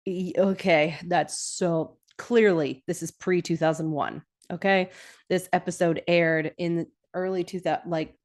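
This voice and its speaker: A woman hosting a podcast, chatting casually through an episode recap and correcting herself as she goes. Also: on the low side. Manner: chatty, self-correcting, laughs often. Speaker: podcast host.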